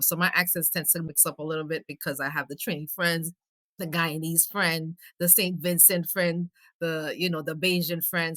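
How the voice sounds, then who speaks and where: A woman's voice: low-pitched, pushed and bright, no room sound. A middle-aged woman from Belize with a mix of New York and Caribbean accents, chatting as a personable podcast guest telling stories. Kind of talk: casual podcast chat.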